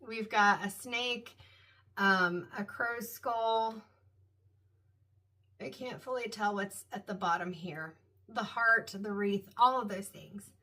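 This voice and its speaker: A woman's voice: medium pitch, slow pace, bright, forceful tone. A woman giving a casual, meandering tarot reading, reflective and full of "like" and "um". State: hiccups. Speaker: tarot reader.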